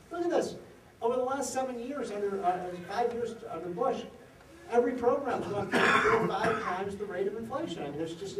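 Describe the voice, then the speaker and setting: A man giving an after-dinner policy speech, an animated storyteller who throws rhetorical questions at the audience. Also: high voice, slight background noise. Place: event hall at a reception. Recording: echoey hall from far off.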